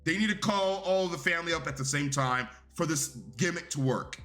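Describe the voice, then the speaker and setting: A man's voice: a little high, fairly quick, bright, forceful tone, soft background music. A young man giving a casual, rambling and profane review of a wrestling show.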